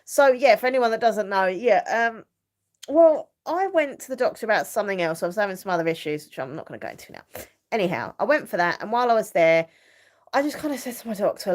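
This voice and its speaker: A woman's voice: mid-range voice, lively intonation, quick pace. A middle-aged woman rambling chattily as a live stream host, full of fillers and ready laughs. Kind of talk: casual chat.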